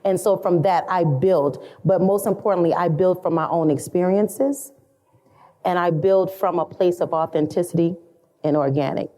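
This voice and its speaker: This middle-aged salon educator, interviewed on a storytelling podcast, talks earnestly and reflectively while layering her points with repetition. Her voice is fairly low and warm, at a normal speed.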